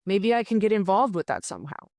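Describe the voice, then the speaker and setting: Casting note: eager, chatty woman journalist, mid pitch, dry recording. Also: very animated, fast, darkish tone, dry recording. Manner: enthusiastic, talkative, many restarts. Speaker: journalist and writer. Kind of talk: casual conversation.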